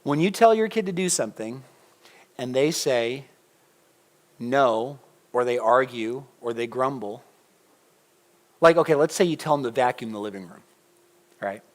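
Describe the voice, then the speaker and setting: A middle-aged man preaching a sermon in a church, conversational and animated, putting questions to the congregation. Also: medium pitch, a little slow, pauses often. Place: church sanctuary.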